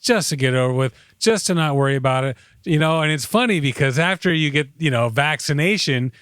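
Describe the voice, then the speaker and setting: Smooth-voiced man telling rambling stories. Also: a little high, expressive, fairly quick, a bit bright, no room sound, studio quality. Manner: rambling storyteller, frequent fillers. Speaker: podcast co-host. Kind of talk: casual chat.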